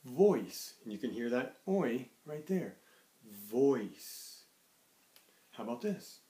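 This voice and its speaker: A man's voice: medium pitch, very animated, normal speed, mellow. A male teacher giving a playful, encouraging phonics lesson to young children. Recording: echoey room.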